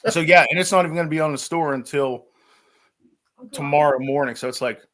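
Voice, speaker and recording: A man's voice: fairly high pitch, fairly quick, a bit bright, slight background noise. A man chatting as a guest on a casual livestream, enthusiastic and rambling, often restarting his sentences. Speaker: guest from a magnet fishing gear maker.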